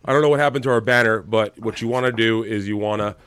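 A man's voice: lowish voice, fairly even intonation, quick pace, a bit bright, smooth, no echo. Profane, rambling podcast host man. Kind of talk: casual podcast banter.

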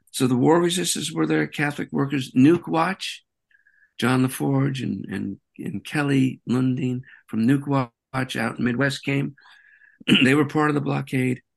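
Gravelly-voiced man telling a story. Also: medium pitch, unhurried. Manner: animated, rambling storytelling. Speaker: interview guest, peace activist. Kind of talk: conversational interview.

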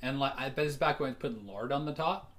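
A man's voice: medium pitch, very fast, a bit bright. A man co-hosting a casual comedy podcast, rambling with lots of fillers and giggles. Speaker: podcast co-host.

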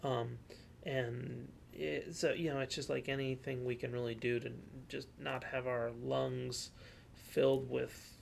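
Man, gravelly, young adult, podcast co-host, rambling casual chat, fillers, occasional swearing. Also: medium pitch, flat delivery, unhurried, a little hiss or hum.

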